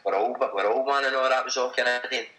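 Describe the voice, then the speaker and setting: A man's voice: mid-range voice, fairly even intonation, fast talker, pushed and bright, roomy sound, slight background noise, rough recording. A Scottish man telling a story as a guest in casual chat, swearing freely and laughing as he talks. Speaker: guest, supporters' group member.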